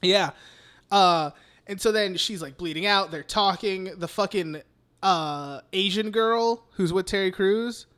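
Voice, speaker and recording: A man's voice: high-pitched, measured pace, a bit bright, smooth. A young man hosting a podcast, recapping a film in rambling, profane casual chat full of "like". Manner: rambling, profane, heavy use of "like". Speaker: podcast host.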